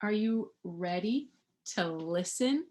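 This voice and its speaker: A woman reading a picture book aloud to young children in an animated way, asking them questions and imitating animal sounds. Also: medium pitch, slow pace. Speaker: children's storybook reader.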